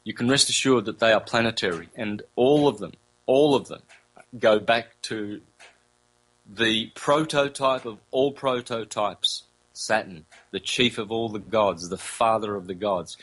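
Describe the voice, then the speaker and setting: A man with a fairly low voice holds forth as an interview guest. He explains in a relaxed, rambling way, circling back to repeat phrases. He slows down to sound out single vowels, with casual fillers and self-corrections along the way. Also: breathy edge, rough recording.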